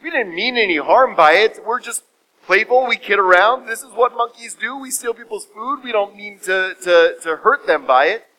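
A man's voice: high-pitched, animated, moderate pace, bright, forceful tone, low-quality recording. A man voicing a group of playful monkeys sheepishly excusing their food stealing in a sermon story. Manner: sheepish, defensive.

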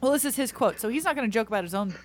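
A woman with a slightly raised pitch co-hosts a casual comedy podcast and reads stories aloud. She delivers puns and jabs in a deadpan, teasing way. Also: racing, a little hiss or hum. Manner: playful, punning, deadpan teasing. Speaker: podcast co-host reading news.

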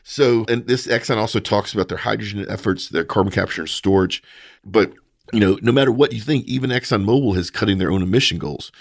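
A man with a fairly low voice talks through energy news in a casual, opinionated way and often throws in mocking asides. His voice sounds dry and close to the mic, with no room in it. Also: fast, creaky, dry recording. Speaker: podcast host.

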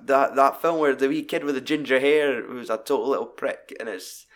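A Scottish man hosting a podcast, chatting casually about a film with lots of swearing and animated retelling. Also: mid-range voice, normal speed. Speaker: podcast host. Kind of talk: casual film review chat.

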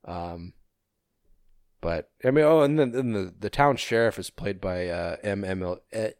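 A man's voice: on the low side, measured pace, darkish tone, no echo, studio quality. A man co-hosting a podcast in casual chat, laid-back and full of fillers, swearing now and then. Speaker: podcast co-host.

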